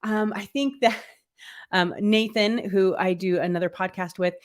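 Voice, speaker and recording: A woman's voice: medium pitch, steady tone, moderate pace. Chatty woman podcast co-host. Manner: chatty, upbeat, many fillers. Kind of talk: casual live-stream chat.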